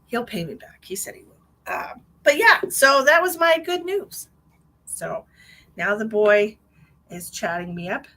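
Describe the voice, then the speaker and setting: A woman's voice: a little high, lively intonation, measured pace, bright, forceful tone. A middle-aged woman hosting a live stream as a psychic medium, chatting in a rambling, bubbly way and laughing often. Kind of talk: casual live-stream chat.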